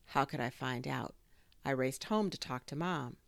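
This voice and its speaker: A woman reads a children's chapter book with low, slightly gravelly tones. Her delivery is expressive and animated, rising and falling widely. The recording is close and dry. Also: moderate pace, no room sound. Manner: expressive storytelling. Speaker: audiobook narrator. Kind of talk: children's audiobook narration.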